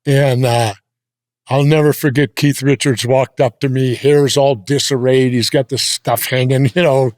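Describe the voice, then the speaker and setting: A man's voice: medium pitch, fairly even intonation, measured pace, darkish tone, dry recording. Blunt older man telling stories, dry sound. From United States. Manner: gruff, blunt anecdotal storytelling. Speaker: interview guest. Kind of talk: storytelling in a sit-down interview. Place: indoor interview set.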